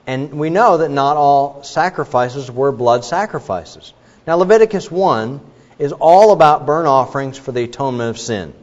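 A man preaching a sermon in an animated, questioning manner, with asides to the congregation. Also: mid-range voice, normal speed. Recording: dull recording with long hall reverb.

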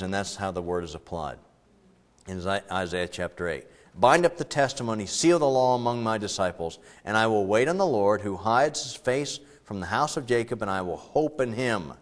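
Man preaching in a chatty, rambling way. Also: fairly low pitch. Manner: conversational, digressive, breaks into loud acted quotes. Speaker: pastor. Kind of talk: sermon.

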